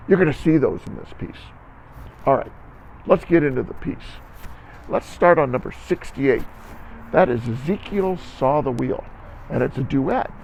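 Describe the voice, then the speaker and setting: Gravelly band teacher, patient lesson. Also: male voice, on the high side, a little mellow, dull audio, a little hiss or hum. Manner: patient, explains step by step, sings out syllables to demonstrate. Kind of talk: instructional music lesson.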